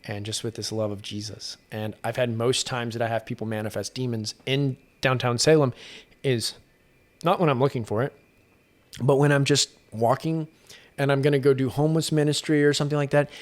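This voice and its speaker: A man's voice: mid-range voice, steady tone, a little fast. Earnest man telling stories on a podcast. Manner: earnest storytelling with frequent restarts. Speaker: guest, exorcist. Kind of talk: casual podcast conversation.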